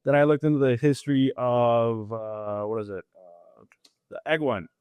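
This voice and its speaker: A man's voice: medium pitch, normal speed, clean tone, no room sound. A man in his thirties, a podcast interview guest, tells his story casually, laughing often and acting out conversations. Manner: animated, laughs often, acts out dialogue.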